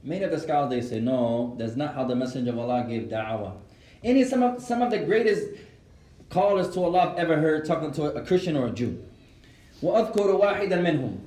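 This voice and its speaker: A man teaching an Islamic class, mixing Arabic phrases into lively storytelling and answering students' questions. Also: medium pitch. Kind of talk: lecture with Q&A. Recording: echoey room.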